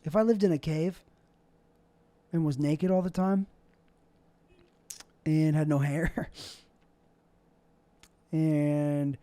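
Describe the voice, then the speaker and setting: A man's voice: fairly high pitch, steady tone, very slow, long pauses, mellow, dry recording. A young man hosting a solo podcast, rambling through a loose, self-deprecating monologue with jokey asides. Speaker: podcast host.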